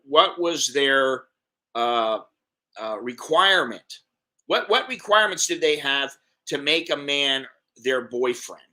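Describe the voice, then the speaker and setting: A man's voice: a little high, bright, forceful tone. A middle-aged American man telling a rambling story in a casual vlog, repeating words and acting out what others said. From United States. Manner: rambling, repeats words, acts out quoted voices. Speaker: expat vlogger.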